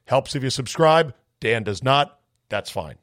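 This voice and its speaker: A man's voice: medium pitch, expressive, a little slow, a bit bright, dry recording, studio quality. Sarcastic rambling male podcast host. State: voice a bit off. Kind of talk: casual solo chat reading a listener email.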